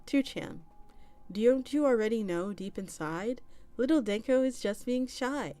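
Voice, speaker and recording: A woman's voice: a little high, expressive, unhurried. Woman putting on a brash mocking forum guy. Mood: teasing. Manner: teasing, exasperated, loud.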